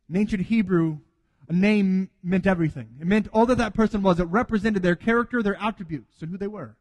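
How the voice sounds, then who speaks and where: High-voiced preaching man with a reverberant sound. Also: brisk, hardly any pauses, a little mellow. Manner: earnest preaching, acting out quoted dialogue. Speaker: pastor. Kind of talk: sermon.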